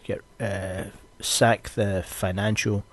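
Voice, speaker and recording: Husky scottish guy on a podcast, low voice, swears a lot while he rants. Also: slow. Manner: sweary, ranting, animated storytelling. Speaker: podcast host. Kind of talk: casual podcast chat.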